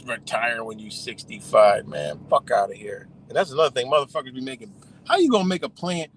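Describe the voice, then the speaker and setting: A man's voice: medium pitch, very animated, fast, slight background noise, rough recording. A man hosting a livestream, ranting in a heated, profane, rambling way with scattered laughs. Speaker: livestream host. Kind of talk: profane casual rant.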